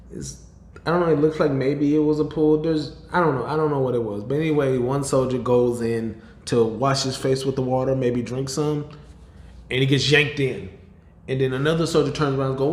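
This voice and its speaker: A podcast host casually recapping a movie, rambling, cursing and interrupting himself. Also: male voice, medium pitch, darkish tone. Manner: rambling, profane, self-interrupting. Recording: roomy echo.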